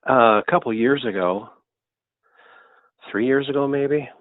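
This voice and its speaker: A man's voice: mid-range voice, no room sound. Male caller on a tinny phone line. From Minnesota. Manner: halting, with fillers. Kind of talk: telling a story over the phone.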